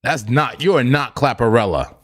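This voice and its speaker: Animated male crypto livestream host. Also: medium pitch, moderate pace. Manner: animated, joking, repeats himself. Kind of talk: casual livestream chat.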